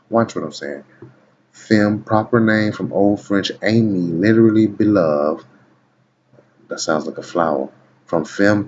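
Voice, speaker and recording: A man reading dictionary entries aloud in a casual video, stopping often to tell the listener to watch and keep listening. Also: deep voice. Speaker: video blogger. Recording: dull lo-fi recording with faint background noise.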